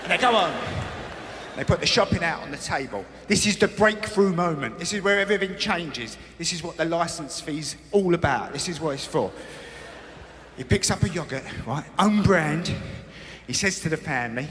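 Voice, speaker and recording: A man's voice: fairly high pitch, lively intonation, normal speed, fairly bright tone, a little hiss or hum. A male stand-up comedian with a British accent telling stories in a wry style during a routine. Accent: British English. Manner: wry storytelling. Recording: live stand-up in a large hall.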